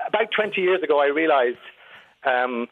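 A middle-aged Irish man, a voice coach, chatting on a radio phone-in, lively and acting out accents as he explains them. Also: fairly high pitch, normal speed, no room sound. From Ireland. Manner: animated storyteller, demonstrates accents aloud. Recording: tinny phone line.

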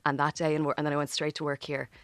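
Woman host, quick rambling talker, lowish voice, dry mic. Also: level tone, crowd noise. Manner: rambling anecdotes, quotes others. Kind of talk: casual chat.

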